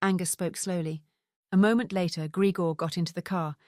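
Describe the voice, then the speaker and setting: Woman audiobook narrator, scripted narration, steady, low pitch, dry. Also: fairly quick, dry recording.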